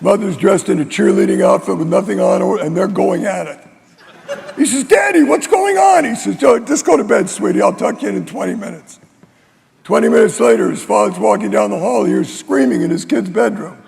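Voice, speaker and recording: A man telling a string of dirty jokes in a deadpan talk-show manner, rattling through the punchlines. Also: high-pitched, brisk, gravelly.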